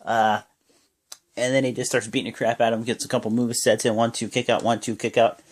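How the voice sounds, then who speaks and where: A young man casually recapping a wrestling show as a vlogger, in rambling play-by-play with lots of fillers and sudden bursts of excitement. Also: medium pitch, brisk.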